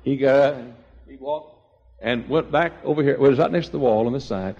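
An older man preaching a sermon, telling folksy stories and swinging between quiet asides and loud, high exclamations. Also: animated, a little fast, breathy edge, highs cut off. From East Texas. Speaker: pastor.

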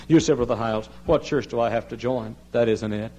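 A man preaching a sermon as pastor, pleading loudly and then dropping low and quiet. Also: steady tone, quick pace, hardly any pauses, a little hiss or hum, low-quality recording. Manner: impassioned preaching, swinging from loud high pleading to low quiet tones.

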